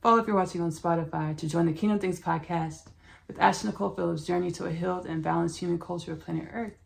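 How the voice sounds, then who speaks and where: Black podcast lady, low gravelly voice, loose rambly spiritual chat. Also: fast talker. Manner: relaxed, rambling, spiritual talk with restarts. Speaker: podcast host. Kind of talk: casual podcast intro and self-promotion.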